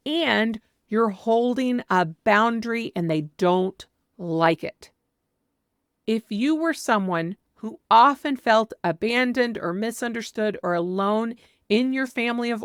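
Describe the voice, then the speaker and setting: A woman's voice: a little high, smooth, dry recording, clean studio sound. A woman parenting coach giving earnest, direct advice, sometimes acting out what a parent might say with emphasis. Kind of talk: advice monologue.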